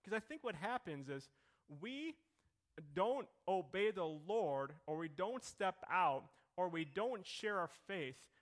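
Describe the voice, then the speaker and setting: In a church hall, a middle-aged pastor with a fairly high voice preaches to his congregation. His manner is conversational and questioning, shifting between quiet moments and emphatic ones.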